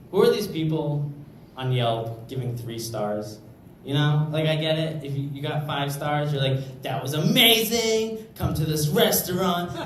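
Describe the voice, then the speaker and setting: A man's voice: mid-range voice, a little mellow. A young man doing a stand-up comedy set on a club stage, rambling with lots of fillers. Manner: rambling, filler-heavy delivery. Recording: echoey club room, mic from far off, noisy.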